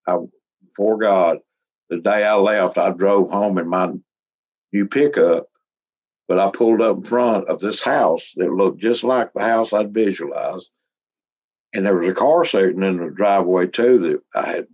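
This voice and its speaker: A man's voice: sits low, moderate pace, darkish tone. A middle-aged man, telling a story in casual, folksy talk, chuckling often and sometimes close to tears. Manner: folksy, chuckling, gets emotional. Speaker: interviewee. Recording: slightly muffled recording.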